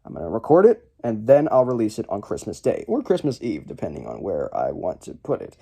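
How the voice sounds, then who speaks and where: Fairly quick and husky, this young man's voice is lowish, gravelly, and dark, with pitch that swoops wildly. He hosts a casual YouTube list video, chatting to camera in a rambling, jokey, self-deprecating style packed with fillers and restarts.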